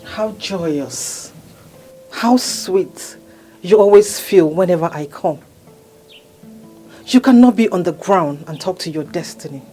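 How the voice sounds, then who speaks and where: A possessive female water spirit speaks with a Nigerian accent in a husky voice. She coaxes and commands slowly and insistently. A thin bed of film music sits underneath. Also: on the low side, expressive, dark tone, low-quality recording. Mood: coaxing. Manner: coaxing and commanding, slow and insistent. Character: seductive female marine spirit princess, possessive. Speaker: spirit wife. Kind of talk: Nollywood film acting.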